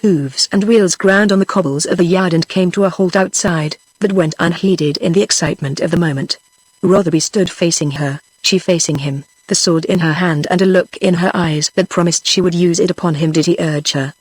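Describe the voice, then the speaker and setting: A text-to-speech voice of a woman with a British English accent, narrating a historical novel in an even, steady way. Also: on the low side, moderate pace, dry recording, low-quality recording. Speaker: audiobook narrator. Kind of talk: synthetic audiobook narration.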